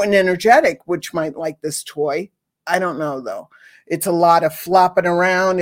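A woman's voice: mid-range voice, a little mellow. A woman chats casually about pet toys, enthusiastic and rambling. She restarts her sentences often and keeps circling back to her point, with a mid-range voice. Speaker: pet product reviewer. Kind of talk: casual chat.

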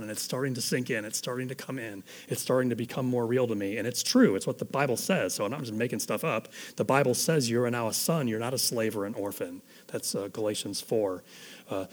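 Earnest, conversational male pastor. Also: mid-range voice. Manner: earnest, conversational, grows soft and hushed toward the end. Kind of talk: sermon.

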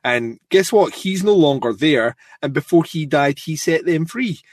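A man co-hosting a podcast, recapping a show with excited swearing and laughs. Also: on the high side, a little slow, no room sound, clean studio sound. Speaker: podcast co-host. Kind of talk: casual recap chat.

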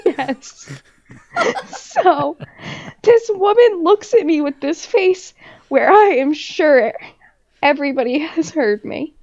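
A woman with a high voice chats casually on a podcast, spinning a story full of swearing and laughter. The recording is dull and lo-fi. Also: expressive, slow, pauses often, a little mellow. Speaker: podcast co-host. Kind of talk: casual chat.

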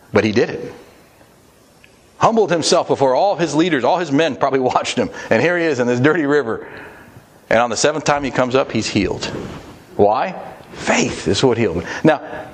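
A man preaching a sermon to fathers, earnest and plain-spoken, acting out quoted prayers as he teaches. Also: mid-range voice.

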